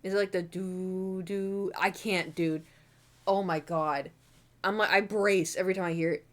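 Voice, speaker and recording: A woman's voice: lowish voice, steady tone, normal speed. A young adult woman streaming from her room at home, chatting candidly and rambling with lots of fillers and the odd swear word. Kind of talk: casual chat.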